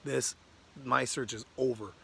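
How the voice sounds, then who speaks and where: A man voicing a humble, wide-eyed crow that gets excited and awestruck easily. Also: mid-range voice, unhurried, vocal fry, a little hiss or hum. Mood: awed.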